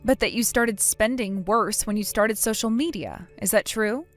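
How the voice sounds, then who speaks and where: A woman's voice: medium pitch, moderate pace, faint music behind, lightly acted. A woman voicing a stern, cold young woman who scolds and refuses to forgive in a scripted drama.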